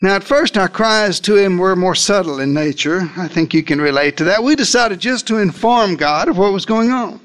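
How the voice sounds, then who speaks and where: Animated and fairly bright, the preacher keeps a normal speed with few pauses. In theatrical fashion, he retells the story as if he'd been there, speaks directly to his hearers, and plays with pitch and pace for emphasis.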